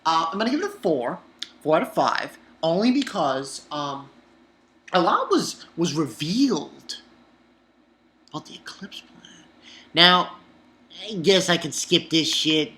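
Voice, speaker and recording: A man reviewing a manga chapter in an excitable, profane, rambling way. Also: on the high side, unhurried, pauses often. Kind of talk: casual online review.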